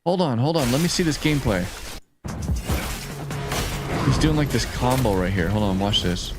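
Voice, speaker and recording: Excitable male gaming streamer. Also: medium pitch, moderate pace, loud music behind the voice. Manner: excitable and chatty, laughs often, reads chat aloud; swears casually, lots of "like". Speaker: gaming live-streamer and animator. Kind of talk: casual live-stream chat.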